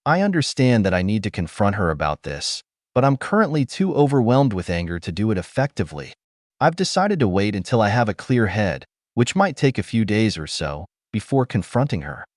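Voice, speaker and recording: A man with a fairly low voice reads a first-person story as scripted narration. His intonation rises and falls in a lively way, and he keeps a steady, even pace. The recording is dry and close, with no room sound. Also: brisk, no echo.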